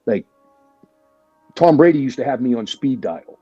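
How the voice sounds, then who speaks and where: A man's voice: mid-range voice, moderate pace, lo-fi sound, soft background music. A man, a guest in a casual interview, telling stories chattily with plenty of swearing and "right?" after each point. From Boston area, USA. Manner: chatty and animated, swears freely, leans on "right?" and "like". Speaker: guest, military veteran.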